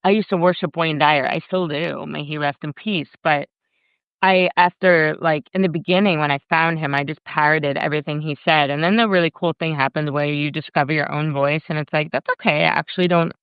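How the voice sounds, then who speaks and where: A woman talking as a guest on a live video call, animated and unfiltered, acting out her inner voice in quotes. Her voice is smooth and resonant. The sound is dry and dull, like lo-fi streamed audio. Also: sits low, brisk, dry recording. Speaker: guest, workshop leader. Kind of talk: casual conversation on a live video.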